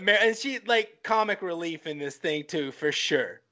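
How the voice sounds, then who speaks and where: A man's voice: high voice, sing-song, moderate pace, bright, forceful tone. A man co-hosting a casual film podcast, rambling with lots of "like" and restarts, and swearing now and then. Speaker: podcast co-host.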